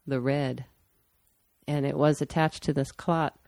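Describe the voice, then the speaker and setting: A woman's voice: a bass voice, steady tone, unhurried, vocal fry, dark tone, no room sound, studio quality. A woman telling a personal story candidly and matter-of-factly in casual conversation. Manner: candid, matter-of-fact, with restarts.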